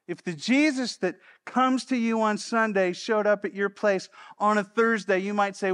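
A male pastor preaching a sermon, swinging between loud declarations and hushed asides and returning to a repeated refrain. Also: high-pitched, steady tone, a little slow, few pauses, clear, resonant tone. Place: church service.

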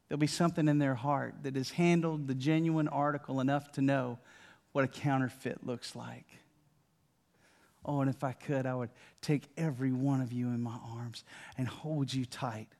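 An older man preaching a sermon in a conversational way, often repeating and restarting words, dropping to a hushed voice for key lines and rising loud and animated at others. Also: medium pitch, moderate pace. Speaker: pastor.

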